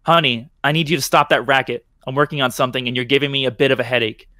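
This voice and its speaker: A man voicing a calm, cold male killer painter in a story reading, speaking in a condescending, level way. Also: medium pitch, fast talker, no echo, studio quality, natural voice.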